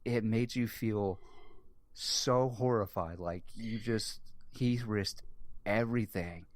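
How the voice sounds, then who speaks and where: A man hosting a casual podcast chat, rambling excitedly with lots of fillers and swearing. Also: fairly low pitch, slow. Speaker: podcast host.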